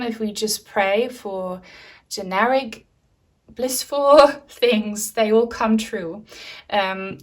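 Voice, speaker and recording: A woman reading tarot cards for viewers, speaking in a gentle, reassuring and chatty way. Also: mid-range voice. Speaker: tarot reader.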